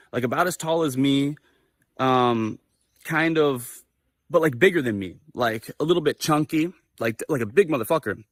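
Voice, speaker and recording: A young man hosting a livestream, telling a personal story in a casual, animated way with lots of swearing and fillers. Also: mid-range voice, dry recording. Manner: animated, profane, filler-heavy. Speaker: livestream host.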